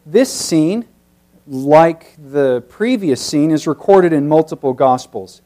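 A man preaching an expository sermon, teacherly, with emphatic peaks that drop to very soft passages. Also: on the high side, animated, slow pace.

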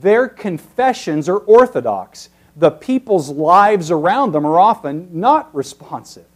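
A man preaching an expository sermon, teacherly, with emphatic peaks that drop to very soft passages. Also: high-pitched, big pitch swings, a little slow.

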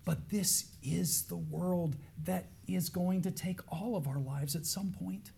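A male preacher delivering a sermon at a slow, deliberate pace, with a voice pitched somewhat high for a man. He is earnest, moving from hushed, low passages to raised, pleading emphasis. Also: fairly even intonation, gravelly, a little hiss or hum.

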